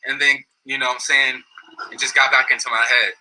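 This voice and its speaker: A man's voice: mid-range voice, fairly quick, low-quality recording. A man telling, in casual and profane terms, what he went through with someone he used to follow, often acting out what others said. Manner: blunt, profane, animated when quoting others. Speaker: former associate telling his story. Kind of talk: casual storytelling.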